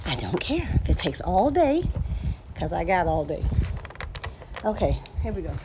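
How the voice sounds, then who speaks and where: A woman's voice: fairly low pitch, big pitch swings, normal speed. A woman chatting casually in a DIY vlog, swearing freely and poking fun at herself. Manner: salty, self-deprecating, swears freely. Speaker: vlogger. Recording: loud background noise.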